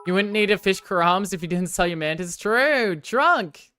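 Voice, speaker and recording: A woman livestreaming a game, chatting with her viewers and swinging from excited outbursts to sheepish apologies. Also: medium pitch, moderate pace. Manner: banters with chat, swears casually. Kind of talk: casual gaming livestream chat.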